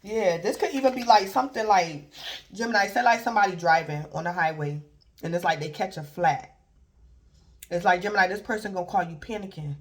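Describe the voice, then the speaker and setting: A woman's voice: fairly low pitch, fairly quick. Rambling woman giving a tarot reading. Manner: rambling and repetitive, filler "like", chuckles; acts out imagined callers in brief quoted voices. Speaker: tarot reader. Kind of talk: casual tarot reading monologue.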